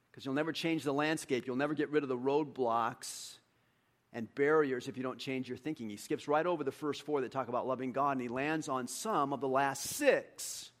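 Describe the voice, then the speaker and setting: A pastor preaches an animated sermon, acting out dialogue with his congregation. For emphasis his voice jumps high and loud, then drops to a quiet level.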